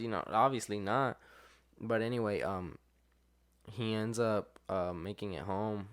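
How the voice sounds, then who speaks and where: A man's voice: lowish voice, brisk. Young man telling a rambling party story. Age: young adult. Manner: rambling, filler-heavy, acts out quotes with lively voices. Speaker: podcast guest. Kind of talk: casual storytelling chat.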